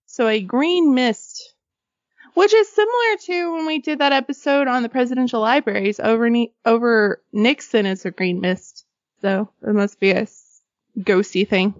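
A woman's voice: fairly high pitch, moderate pace, no echo, muffled recording. A woman co-hosting a casual podcast, reading ghost stories aloud with jokey asides, frequent laughter and swearing. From Arkansas. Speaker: podcast co-host.

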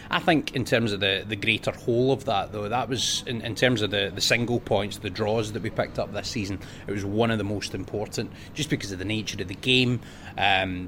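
A man with a Scottish accent, a sports journalist guesting on a football podcast, relaxed and thoughtful. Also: on the low side, a little hiss or hum. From Scotland. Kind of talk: casual football podcast chat. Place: café.

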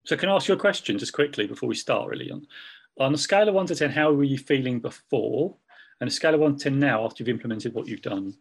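Male co-host, quick and husky, eager. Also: medium pitch, animated. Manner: enthusiastic, teasing. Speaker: podcast co-host. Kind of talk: casual podcast chat.

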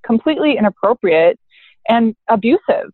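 A woman's voice: a little high, animated, moderate pace, dry recording. A woman in her thirties, a therapist guest in a casual interview, speaking candidly and animatedly, swearing now and then and acting out quotes from parents and teens. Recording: dry, phone-like narrow sound.

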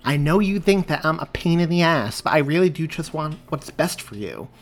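A man's voice: on the high side, lively intonation, normal speed, a little hiss or hum, voice pushed up. A man voicing an exasperated, outspoken young woman in an audiobook reading. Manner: insistent, exasperated.

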